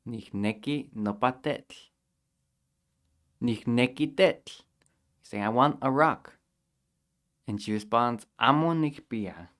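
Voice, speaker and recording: Slow, patient male language teacher. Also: medium pitch, fairly bright tone. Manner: patient, repeats each phrase slowly for learners. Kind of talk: language lesson explanation.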